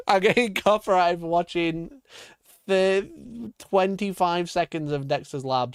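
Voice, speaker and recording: A man's voice: high-pitched, sing-song, takes it slowly, smooth, no echo, studio quality. A man chatting casually on a live stream, joking and swearing often, with frequent laughter.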